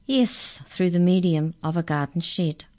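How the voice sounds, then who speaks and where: A woman voicing a polite, helpful talking mouse who explains things calmly. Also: fairly low pitch, a little slow, natural voice. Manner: calm, courteous, explaining.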